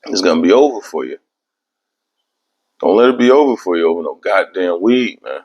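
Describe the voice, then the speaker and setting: A man's voice: low-pitched, sing-song, moderate pace, darkish tone, dull audio. A young man hosting a podcast, telling a long story in casual, profane, rambling chat. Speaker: podcast host.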